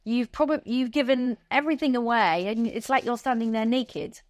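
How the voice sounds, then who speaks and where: A woman's voice: on the high side, fairly quick, dry recording. A woman hosting an interview chat, encouraging her guest. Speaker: host.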